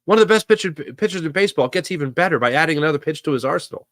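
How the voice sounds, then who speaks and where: A man hosting a sports podcast, talking through recent games in excited, rambling, fan-like commentary. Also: a little high, racing, dry recording, studio quality. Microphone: podcast mic.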